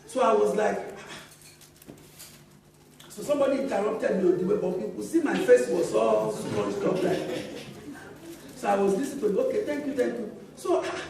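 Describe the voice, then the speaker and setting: A middle-aged woman preaches with a high, lively voice that swoops up and down as she acts out every line of her story. The sound comes from far off, with heavy echo off the walls of a large church hall. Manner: animated, laughing as she tells stories, acting out dialogue. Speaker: pastor. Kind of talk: sermon with storytelling.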